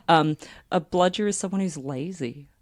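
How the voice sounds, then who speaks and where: A woman's voice: fairly low pitch, unhurried. An Australian woman in casual chat as a podcast guest, explaining slang in a chatty way with lots of "like".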